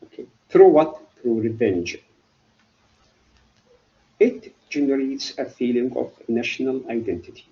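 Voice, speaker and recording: A middle-aged man giving a university literature lecture, halting and often asking then answering his own questions. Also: medium pitch, expressive, mellow, highs cut off. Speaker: literature professor.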